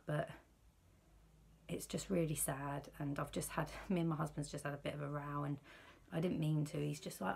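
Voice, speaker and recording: British woman in her thirties, anxious confiding vlogger, deep husky voice. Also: level tone, normal speed, darkish tone. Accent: British English. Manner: worried, rambling, confiding. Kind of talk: candid personal vlog.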